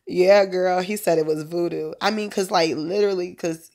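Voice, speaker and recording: A woman's voice: lowish voice, steady tone, moderate pace, warm tone. A woman talking casually on a phone livestream as a prayer minister, meandering with lots of fillers and asides.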